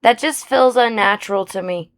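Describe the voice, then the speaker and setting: A woman's voice: fairly high pitch, moderate pace. A woman streamer chatting casually on a live game stream, with an accent, muttering to herself while she plays. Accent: non-British accent.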